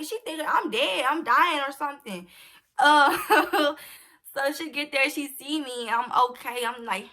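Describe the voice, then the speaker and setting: A young woman casually telling a personal story to her viewers, animated and acting out the dialogue. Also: sits high, unhurried. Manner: animated, acts out quoted dialogue.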